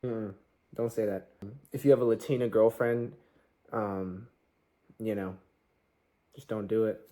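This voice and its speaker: A man chatting casually, relaxed and hesitant, with many fillers. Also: fairly low pitch, measured pace. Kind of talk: casual chat.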